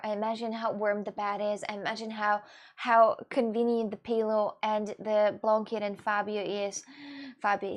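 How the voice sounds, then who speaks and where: Rambling young woman streamer. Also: fairly high pitch. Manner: rambling, many fillers and restarts, reads chat aloud. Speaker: livestreamer chatting with viewers. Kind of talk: casual chat.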